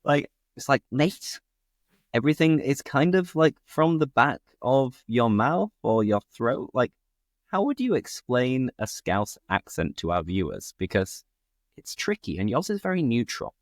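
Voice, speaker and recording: A man's voice: mid-range voice, sing-song, moderate pace, no room sound, studio quality. A British man hosting a casual chat, talking freely with frequent fillers. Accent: British English. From England. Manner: chatty, fillers like "like". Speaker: host, English teacher.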